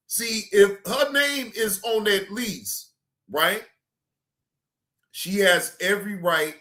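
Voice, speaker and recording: A man hosting a reaction stream, commenting bluntly and profanely and scolding the people in the clip. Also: sits high. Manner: animated, shouting at times.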